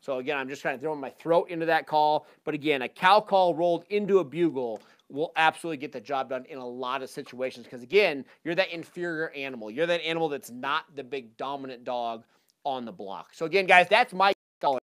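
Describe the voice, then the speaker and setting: A man presenting a live talk to an audience on a handheld mic, casual and energetic, with lots of fillers. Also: on the high side, brisk, smooth. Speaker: hunting seminar presenter.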